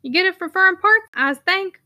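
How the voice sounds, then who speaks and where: A woman voicing a large, rough middle-aged constable with a broad Yorkshire dialect, talking slowly and homely. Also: very high-pitched, lively intonation, bright, forceful tone, voice pushed up, exaggerated voice.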